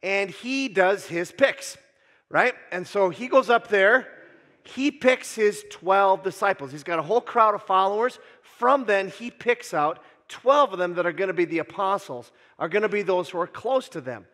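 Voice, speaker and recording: A man's voice: sits high, expressive, normal speed, a bit bright. A man preaching a sermon as pastor, casual and joking, with frequent "uh" fillers. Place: church sanctuary. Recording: long church hall reverb.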